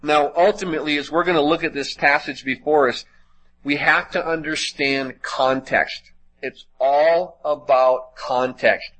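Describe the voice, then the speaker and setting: A man's voice: a little high, fairly bright tone, poor audio. A man preacher teaching a sermon in a methodical way and reading scripture aloud.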